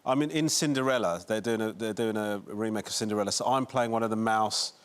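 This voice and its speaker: A man's voice: on the low side, fast talker, smooth. A man telling a comic anecdote as a talk show guest, rambling and self-deprecating.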